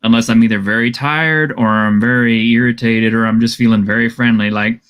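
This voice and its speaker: A Texan man talks on an online panel show in a rambling, easygoing way, with a steady mid-range voice. He starts sentences over and over before he gets to his point. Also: medium pitch, a little fast, clean tone. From Texas. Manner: rambling, self-correcting. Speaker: podcast panelist. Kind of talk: casual group chat.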